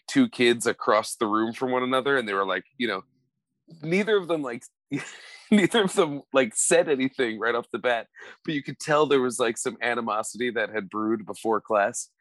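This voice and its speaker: Animated storytelling man, dry sound. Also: mid-range voice, moderate pace, no room sound. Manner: animated storyteller who laughs a lot and acts out quoted voices. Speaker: podcast co-host. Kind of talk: casual comedic chat.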